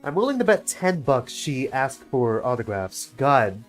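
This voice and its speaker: A man's voice: mid-range voice, sing-song, measured pace, music in the background. A man with a sore throat streaming a game, grumbling, swearing and mocking himself between lines. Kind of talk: profane game-stream commentary.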